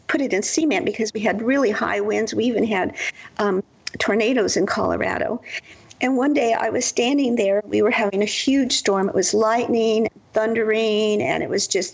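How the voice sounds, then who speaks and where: Gravelly, husky woman telling spiritual stories. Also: a little high, rough recording. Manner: earnest, rambling, with many restarts. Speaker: guest. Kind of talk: spiritual storytelling in an interview.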